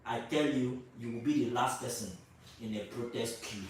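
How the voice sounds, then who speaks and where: A man's voice: mid-range voice, steady tone, moderate pace, a little hiss or hum. A Nigerian man vlogging his opinions to camera, emphatic and repetitive, firing rhetorical questions at his viewers. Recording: very echoey room, voice from a distance.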